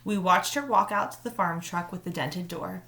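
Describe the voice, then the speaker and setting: A female teacher with a fairly low voice reads a children's novel aloud to her students, told in the first person, at a moderate pace. She opens with a warm, friendly greeting and then settles into steady storytelling.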